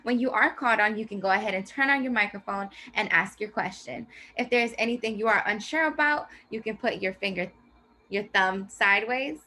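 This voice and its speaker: A woman teacher explaining a reading strategy to her class in a clear, slow, teacherly way. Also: medium pitch, bright, forceful tone, slight background noise. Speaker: teacher presenting a reading lesson. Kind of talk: scripted classroom presentation.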